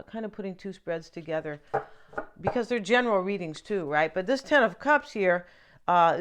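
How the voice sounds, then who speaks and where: A woman's voice: on the low side, clear, resonant tone. A woman giving a casual, chatty tarot reading, often musing aloud and asking "right?". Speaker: tarot reader.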